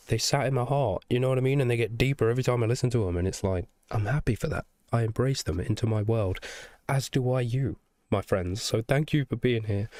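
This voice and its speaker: A young music reaction YouTuber has a fairly low, darkish voice made nasal and congested by the flu, captured at studio quality with no echo. He chats in a casual, rambling, enthusiastic way, swearing and often saying "you know what I mean?".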